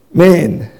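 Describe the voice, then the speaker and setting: A male pastor preaching a sermon in a church, swinging between loud, fervent bursts and hushed moments and often repeating words as he restarts a thought.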